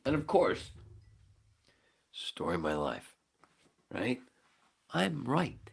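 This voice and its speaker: A man hosting a podcast, telling a story casually with lots of swearing and acting out his own shouting. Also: mid-range voice, takes it slowly, vocal fry, husky. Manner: profane, animated, acts out his own shouting. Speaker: podcast host.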